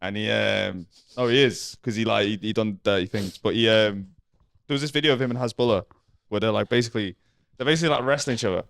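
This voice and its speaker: A man bantering on a comedy debate podcast, firing off rambling, crude stories at a quick clip. His voice sits fairly low, and the sound is close and dry with no room to it. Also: gravelly, fairly bright tone, dry recording. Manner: rambling, swears freely, jokey storytelling. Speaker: co-host.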